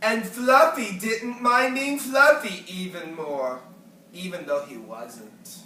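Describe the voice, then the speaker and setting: A reader sharing a picture book aloud with children at home, slow and expressive, with bursts of volume. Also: mid-range voice, slight background noise. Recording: roomy home recording from a distance.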